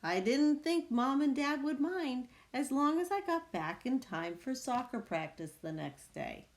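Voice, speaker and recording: A woman reading a children's picture book aloud, with slow, expressive storytelling. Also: high voice. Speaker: reader.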